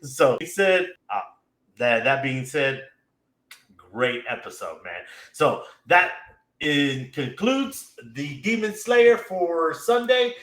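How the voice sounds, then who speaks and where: Male podcast host, casual, excitable, fills with "man" and "uh"; bright, tense voice, echoey room. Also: a little high, takes it slowly. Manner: excitable, laughs often, many fillers. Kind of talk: casual anime recap chat.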